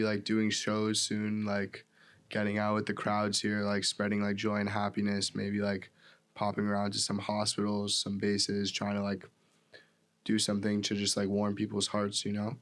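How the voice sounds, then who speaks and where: A young male musician guests on a casual podcast. He speaks softly and hesitantly, pausing often. His voice is fairly low and stays flat, with little rise and fall. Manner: soft-spoken and hesitant, pausing with "like" and "um".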